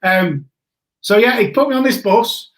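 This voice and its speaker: A man in his forties telling a story in a casual chat, animated and laughing often, greeting viewers as he goes. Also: high-pitched, normal speed. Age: 40s. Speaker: guest.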